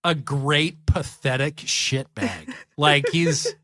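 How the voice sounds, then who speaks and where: A man's voice: on the high side, steady tone, takes it slowly, a bit bright. A man co-hosting a casual podcast, animatedly retelling wrestling segments and acting out the lines. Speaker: podcast co-host. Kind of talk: casual wrestling recap chat.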